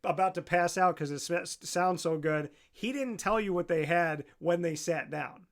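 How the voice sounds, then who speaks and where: A young man hosting a casual talk show, telling anecdotes in an animated way and acting out the people in them. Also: high voice, normal speed. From central New York. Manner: animated storyteller, acts out voices in anecdotes. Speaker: podcast host. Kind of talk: casual chat.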